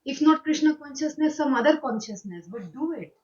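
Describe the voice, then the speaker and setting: A woman's voice: sits high, expressive, a little fast, a little mellow, far from the mic. A woman at a home gathering asking a long question, hesitant at first and then earnest and pressing. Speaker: audience member asking a question. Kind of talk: casual discussion. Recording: dull lo-fi recording.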